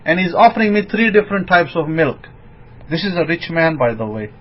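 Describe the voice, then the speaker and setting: A man giving an informal sermon as a rabbi, emphatic and rising into excited bursts. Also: on the high side, fairly quick. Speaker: rabbi teaching. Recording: dull lo-fi recording.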